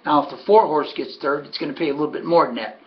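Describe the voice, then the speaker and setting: A man's voice: on the high side, quick pace, highs cut off. A man giving a casual, folksy recap of his race picks, sardonic and talking to himself about his bets. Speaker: harness racing handicapper.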